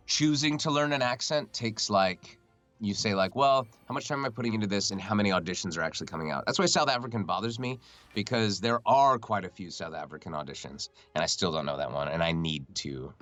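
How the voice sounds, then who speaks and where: A man guest on a call, talking in a relaxed, rambling, self-deprecating way from home. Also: low-pitched, no room sound, dull audio. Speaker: guest voice actor. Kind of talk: casual chat on a call. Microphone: computer mic over a video call.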